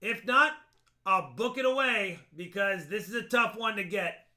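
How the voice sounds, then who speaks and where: Male stream host, high bright voice, chatty, jokey, walks through coin dates and grades. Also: animated, unhurried. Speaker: live stream host auctioning coins. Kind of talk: casual live auction chat.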